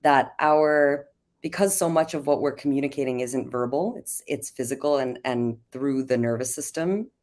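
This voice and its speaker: A woman's voice: rumbling low, moderate pace, darkish tone. A woman hosting a live conversation, explaining earnestly and inviting her guest's view. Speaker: host and CEO.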